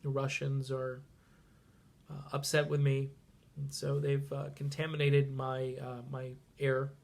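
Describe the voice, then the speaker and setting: A man's voice: medium pitch, monotone, unhurried, vocal fry. A man with a congested, stuffy voice, talking casually and sarcastically on a political vlog, swinging from mutters to sudden outbursts. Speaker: political vlogger.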